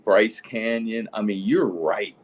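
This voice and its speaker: A man's voice: lowish voice, takes it slowly, rough recording. A man in casual chat, telling a meandering travel story with many hesitations.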